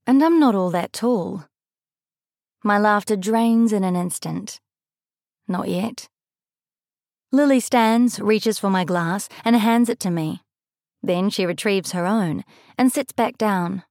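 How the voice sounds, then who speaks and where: Woman, young adult, first-person audiobook narration, measured delivery, mid-pitched, dry studio sound. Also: no room sound. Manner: measured, lightly expressive storytelling.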